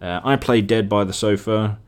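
A man's voice: on the low side, moderate pace. A man hosting a podcast, casually retelling a dream in a rambling, chatty way and laughing at himself. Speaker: podcast host. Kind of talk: casual solo storytelling.

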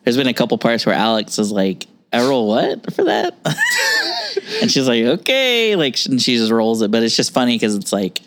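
Animated, jokey male podcast host. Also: medium pitch, normal speed, a little hiss or hum. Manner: enthusiastic, jokey, swears often. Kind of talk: casual podcast chat.

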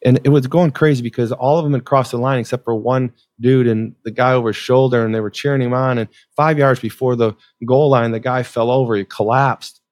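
Animated man telling a story, dry sound. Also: brisk, few pauses, no echo. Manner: animated storyteller, voice rising high in dramatic retelling. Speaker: guest. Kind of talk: storytelling interview.

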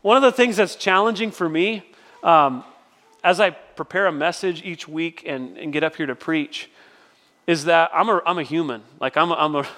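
A middle-aged man delivers a sermon as pastor, speaking with a fairly high voice. He tells stories in a relaxed, conversational way, often restarting his sentences. The sound carries a long reverb, as in a large hall. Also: normal speed. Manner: conversational storytelling with frequent restarts. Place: church sanctuary.

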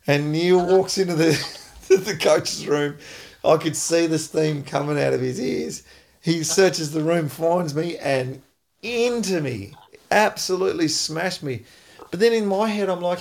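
An Australian man and former footballer, hosting a casual chat and telling an animated story with frequent laughs. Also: on the high side, measured pace, creaky, pauses often. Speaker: podcast host, former footballer.

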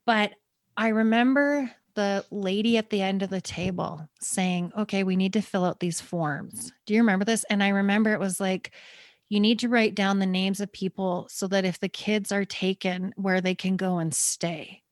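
A woman's voice: medium pitch, fairly even intonation, no room sound. Earnest woman, close and dry. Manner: earnest, quick, stumbling over words. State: near tears. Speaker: podcast host telling her own story. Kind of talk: emotional personal storytelling.

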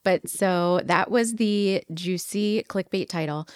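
A woman hosting a podcast, chatting casually and reading headlines aloud with lively asides. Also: lowish voice, takes it slowly, dry recording, clean studio sound. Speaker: podcast host.

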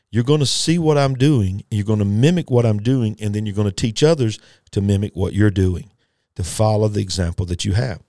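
A male preacher delivers a sermon in a low, mellow voice, hammering points home through repetition and calling out to his listeners. The sound is dry and close. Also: no room sound. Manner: emphatic, repetitive, rising to fervent pitch; folksy, addresses listeners directly.

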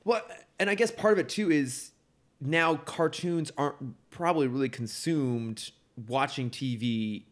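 A man's voice: a little high, a little slow. A man co-hosting a podcast in casual chat, rambling and full of fillers and restarts. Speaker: podcast co-host.

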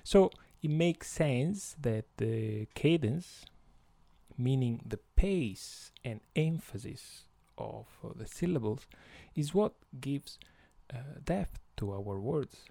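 A man with an Italian accent, Italian his first language, hosting an educational podcast at an unhurried, halting pace. His tone is mellow and dark, with a gravelly edge. The recording is dry and close. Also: medium pitch, lively intonation, dry recording. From Italy. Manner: slow and hesitant, many fillers. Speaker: podcast host.

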